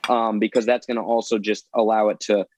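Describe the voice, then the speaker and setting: A man's voice: on the low side, flat delivery, fairly quick, a little hiss or hum, poor audio. A man with a New Jersey accent, a guest chef giving a live cooking demonstration over a video call in a breezy, salesy manner. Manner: breezy, salesy, self-promoting.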